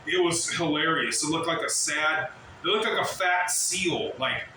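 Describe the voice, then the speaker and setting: Guy venting at work, lots of cussing, high bright voice, super echoey and kinda far from the mic. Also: measured pace, a little hiss or hum. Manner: swearing, rambling, mimics shouts of others. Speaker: vlogger. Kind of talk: casual rant to camera.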